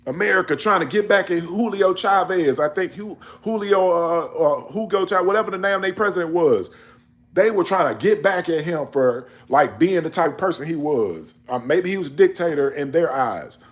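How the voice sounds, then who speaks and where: A man's voice: fairly high pitch, animated, moderate pace. A man in a casual monologue on world events, emphatic and preachy, scolding his listeners in slangy speech. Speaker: commentator.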